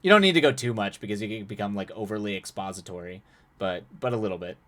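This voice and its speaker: On a live stream, a fast-talking young man reads out a story a viewer sent in; his voice is lowish and a little bright. Between passages he laughs, restarts frequently, and drifts into chatty, rambling comments on the writing.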